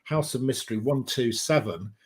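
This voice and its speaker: Man, mid-pitched voice, casual group chat, describes the items he shows, laughs easily. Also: normal speed, a crowd in the background. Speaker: guest on a video chat show. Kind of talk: casual chat about collecting.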